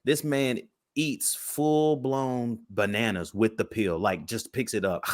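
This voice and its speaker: A man's voice: mid-range voice, fairly even intonation, slow pace, dry recording, clean studio sound. A man co-hosting a sports podcast in a hyped, slangy, casual way. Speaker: podcast co-host.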